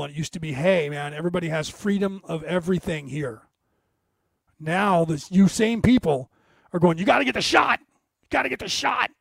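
A middle-aged man from the States rants about politics in a high, gravelly voice, sarcastic and mocking. The sound is dry and close. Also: darkish tone, no echo. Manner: ranting, sarcastic, mocks opponents in put-on voices. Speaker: commentator. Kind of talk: political rant.

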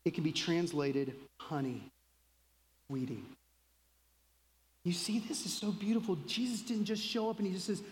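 A pastor preaching a sermon in a conversational way, acting out quotes in lively voices. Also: medium pitch, unhurried, in a large hall, slight background noise, rough recording.

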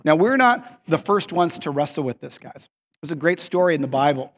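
A male pastor preaching a sermon, animated and self-mocking, acting out the people in his stories. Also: on the high side, fairly quick. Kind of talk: sermon with comic storytelling. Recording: long reverb of a large hall.

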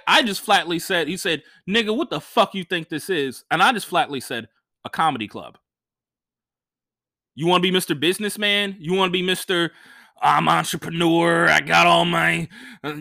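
A man, a stand-up comedian, telling a profane story in a casual, animated way and acting out what other people said. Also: fairly high pitch, no echo, clean studio sound.

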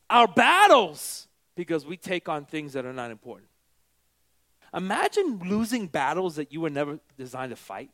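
A middle-aged man preaching a sermon as a pastor, swinging between loud emphatic lines and quiet asides. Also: high-pitched, sing-song, moderate pace.

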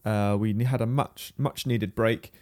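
A man co-hosting a casual tech podcast from his spare bedroom, joking and rambling in quick bursts. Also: lowish voice, fairly even intonation, a little mellow. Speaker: podcast co-host.

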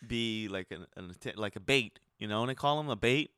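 A man's voice: on the low side, expressive, a little fast, a bit bright, clear, resonant tone, dry recording, studio quality. A man from Brazil, co-hosting a podcast in a casual, teasing, argumentative way. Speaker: podcast co-host.

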